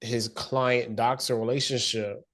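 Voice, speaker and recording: A man co-hosting a podcast, discussing a TV episode in relaxed casual talk and quoting characters in a plain voice. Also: mid-range voice, measured pace. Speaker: podcast co-host. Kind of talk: casual TV recap chat.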